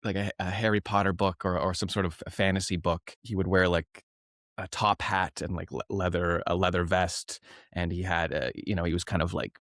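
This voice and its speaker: A man's voice: deep voice, flat delivery, moderate pace, fairly bright tone, no echo, clean studio sound. A man, a professional clown and teacher, telling a rambling story in a casual interview, laughing often and restarting his sentences.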